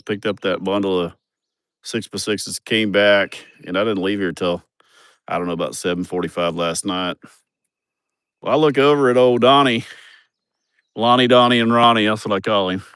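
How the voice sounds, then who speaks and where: This vlogger shows off a building project on a casual outdoor livestream from the site, wandering through stories that make him swear and laugh. He speaks at a moderate pace in a lowish, slightly bright, clean voice, recorded dry.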